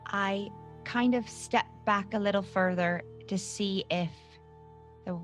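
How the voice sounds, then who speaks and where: A woman playing a tabletop game, speaking in a soft, earnest, pleading manner. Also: medium pitch, slow pace, faint music behind. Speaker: player. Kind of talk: tabletop role-play.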